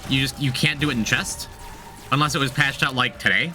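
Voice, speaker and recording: A man's voice: mid-range voice, steady tone, a little fast, pushed and bright, faint music behind. A man streaming a game, chatting casually, thinking aloud, repeating himself and talking to his chat. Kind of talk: casual gameplay commentary.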